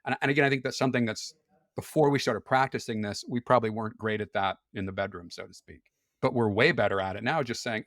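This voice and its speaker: Candid man explaining in a relaxed chat. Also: on the low side, quick pace, dry recording, studio quality. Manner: candid, explanatory, often laughs. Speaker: podcast guest. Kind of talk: casual conversation.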